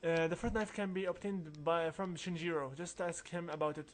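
A man's voice: fairly high pitch, steady tone, normal speed. A man giving casual, rambling commentary over a role-playing game walkthrough, mumbling through asides. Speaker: let's play narrator.

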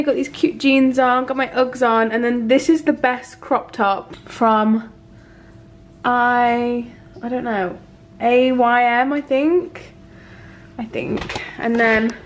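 A woman in her twenties chatting casually for her vlog in her student flat, full of "like" fillers, her throat a little rough from a cold. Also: on the high side, slight background noise. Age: 20s. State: slightly ill, throat rough. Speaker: vlogger.

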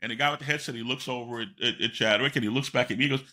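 Older male guest, animated anecdote-teller, bright tone, lots of fillers. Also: mid-range voice, quick pace. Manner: animated, rambling anecdotes with many fillers and self-interruptions. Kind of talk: storytelling in a podcast interview.

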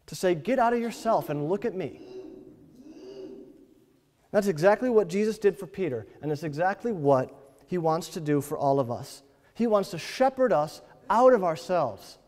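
A male pastor with a high voice delivers a sermon in a relaxed, conversational storytelling style. His words ring out into a sanctuary with a long reverb tail, and his emphasis swells in waves. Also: moderate pace. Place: church sanctuary.

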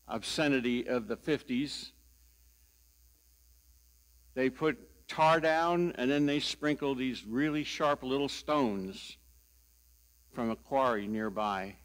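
Slow, wry older pastor preaching. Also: male voice, medium pitch. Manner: slow, deliberate storytelling with wry humor. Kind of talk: sermon.

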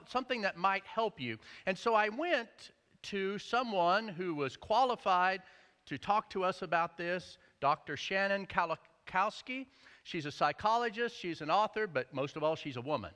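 Animated pastor with a high, lively voice. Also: male voice. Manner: animated, jokey storytelling. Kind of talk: sermon. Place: church sanctuary. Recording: echoey church hall.

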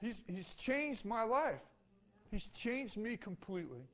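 A man's voice: high voice, big pitch swings, takes it slowly. A man preaching a sermon as pastor in a church, emphatic and full of repeated rhetorical questions to the congregation. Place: church sanctuary.

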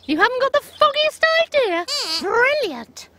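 A woman's voice: very high-pitched, sing-song, unhurried, very noisy, heavily acted. A woman voicing a cheerful, bossy female panda puppet on a children's TV show, coaxing patiently like a schoolteacher. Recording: music bed under the voice. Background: music.

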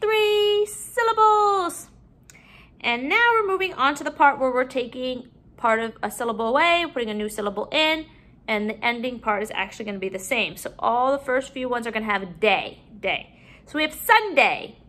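A woman teaching a phonics lesson to young children at home, drawing out each word slowly and clearly. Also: on the high side, lively intonation. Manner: slow, drawn-out modeling of words, bright sing-song emphasis.

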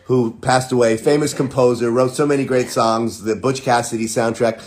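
A man's voice: medium pitch, fairly even intonation, normal speed, a little mellow. A man, a voice actor, chatting playfully and joking with viewers on a casual livestream from home. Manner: playful, jokey, greets viewers. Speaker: voice actor at a live autograph stream. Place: indoors at home.

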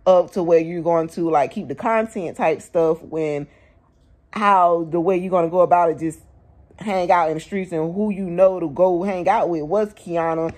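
A woman's voice: fairly low pitch, normal speed, darkish tone. A young woman vlogger giving blunt, slangy opinion commentary, firing off rhetorical questions.

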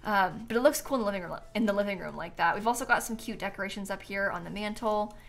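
A woman's voice: mid-range voice, fast, vocal fry. A woman chatting casually to viewers on a live game stream, bubbly and giggly, a bit tired and yawning.

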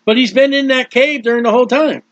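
A man's voice: very high-pitched, fast, no echo. A man preaching a sermon, explaining scripture plainly and reading out the verses in turn. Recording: dull dry lo-fi recording.

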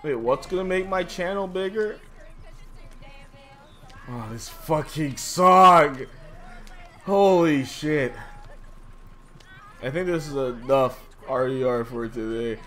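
A young man streaming a game live, chatting casually and breaking into loud, swearing, exasperated outbursts. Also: a little high, slow, pauses often, soft background music. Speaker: gaming livestreamer. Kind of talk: live gameplay commentary.

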